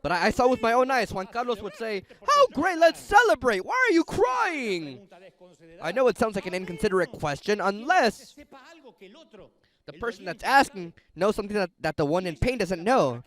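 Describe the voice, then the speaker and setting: A middle-aged preacher delivers his sermon briskly in a high voice. His style is lively storytelling, conversational and aimed straight at the congregation.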